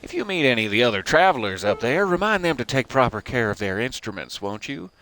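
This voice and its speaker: A man's voice: mid-range voice, very animated, fast, a bit bright, rough recording. A man voicing a folksy male alien fisherman who speaks with a different accent from the other villagers. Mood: friendly teasing. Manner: friendly, teasing, different accent.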